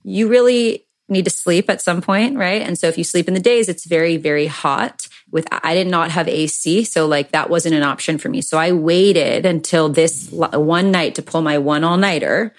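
A woman's voice: on the low side, moderate pace, hardly any pauses. Candid, effusive young woman podcaster. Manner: candid and effusive, swears freely. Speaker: podcast co-host. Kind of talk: casual chat.

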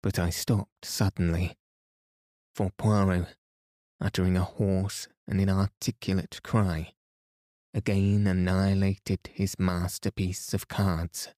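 A man reading a story aloud as a calm bedtime podcast host, soothing and even. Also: low-pitched, takes it slowly, no room sound, clean studio sound.

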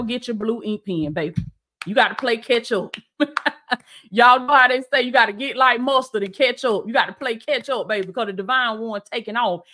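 Woman life coach and preacher, exuberant live-stream delivery with a slightly higher voice. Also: a bit bright. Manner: exuberant, repeats lines, calls viewers "baby".

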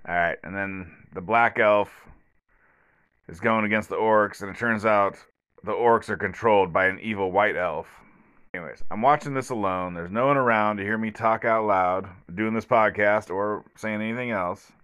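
A man's voice: lowish voice, normal speed, fairly bright tone, clean tone. A man hosting a solo podcast review from home, rambling with many fillers and restarts in a blunt, sarcastic way. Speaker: podcast host. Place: at home, alone.

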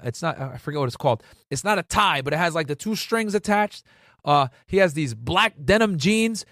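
Recorded dry in a clean studio, this thirtysomething former federal agent from Connecticut has a voice on the high side. He rambles through stories for viewers, swearing, dropping "bro" and "right?", and restarting frequently.

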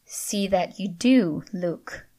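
A woman's voice: fairly low pitch, very slow, mellow. Woman reading a stern, snappish woman professor.

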